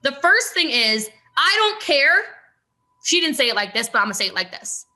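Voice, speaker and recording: A woman giving an animated, emphatic motivational talk on a video call as a network marketing recruiter, with laughing asides. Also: sits high, normal speed.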